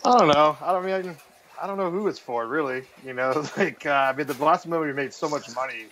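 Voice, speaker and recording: A man's voice: on the high side, a little fast, fairly bright tone, slight background noise, rough recording. An American man, a guest on a podcast, chatting casually and hesitantly with chuckles between thoughts.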